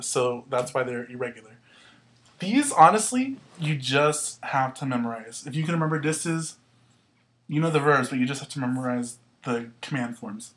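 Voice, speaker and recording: A man teaching a language lesson at a board, explaining patiently in a casual way, with fillers and quick self-corrections. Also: medium pitch. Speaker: Spanish teacher.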